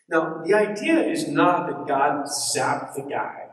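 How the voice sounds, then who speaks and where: Chatty preacher in an echoey hall. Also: male voice, a little high, big pitch swings, slow, hardly any pauses, distant mic. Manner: conversational, chatty asides. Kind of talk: sermon. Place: church hall.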